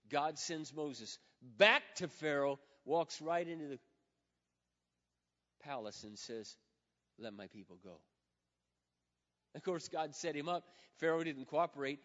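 A man in his fifties preaching a sermon as pastor, dramatic and swinging from loud to hushed, acting out quoted prayers. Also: on the high side. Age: 50s. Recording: dull sound with long hall reverb.

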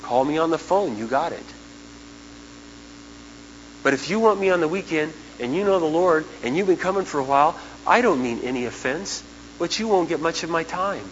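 Male pastor, sermon, fairly high voice, impassioned with big volume swings; dull old tape, faint hum. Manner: impassioned, swinging from hushed to shouting. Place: large church auditorium. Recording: dull 1990s church tape with hall echo and hum.

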